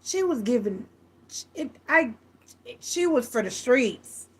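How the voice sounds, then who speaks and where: A woman gives a tarot reading in a casual, chatty way. She talks frankly and often restarts her sentences. Her voice sits a little high. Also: animated, slow, slightly rough. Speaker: tarot reader.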